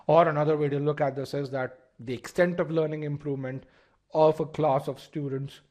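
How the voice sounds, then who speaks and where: A man's voice: on the high side, fairly even intonation, fairly quick, warm tone. A man teaching a live online class, asking the audience questions, repeating key points and often restarting his phrases. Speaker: test-prep instructor.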